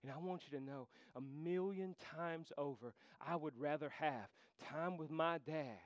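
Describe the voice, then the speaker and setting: A man preaching a sermon to a congregation, swinging from quiet, intimate talk to impassioned shouting. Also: fairly high pitch, a little slow, no echo. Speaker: pastor.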